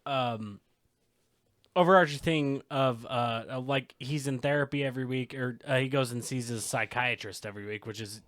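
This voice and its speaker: A man co-hosting a casual movie review chat, talking in halting bursts with many fillers while working from his notes. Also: mid-range voice, fairly bright tone, no echo, clean studio sound. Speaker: podcast co-host.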